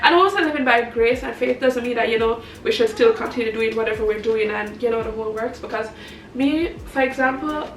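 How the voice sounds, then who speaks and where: A woman's voice: on the high side, fairly quick, a little hiss or hum. A woman vlogger and mother talking casually to camera, rambling from one thing to the next and laughing often. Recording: echoey, from a distance.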